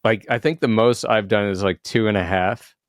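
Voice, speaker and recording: A man's voice: lowish voice, fairly even intonation, normal speed, dry recording, studio quality. A man co-hosting a podcast in casual chat, hesitant, with many restarts and fillers. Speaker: podcast co-host.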